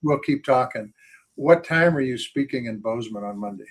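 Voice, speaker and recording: A man's voice: mid-range voice, expressive, moderate pace. A man, a senator co-hosting a podcast, talking in a blunt, folksy, emphatic way. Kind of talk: casual chat.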